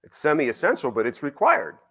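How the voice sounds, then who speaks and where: A man's voice: fairly high pitch, a little fast, breathy edge. A middle-aged man, a university researcher, giving a conversational conference lecture with stories and frequent "right?" checks to the audience. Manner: animated, conversational, frequent "right?" tag questions. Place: conference symposium.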